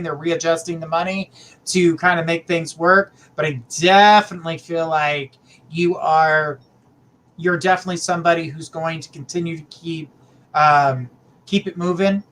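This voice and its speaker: A middle-aged man with a somewhat high, fairly bright voice hosts a live psychic reading stream, with slight background noise audible. He keeps things chatty and affectionate, calling viewers sweetheart and honey.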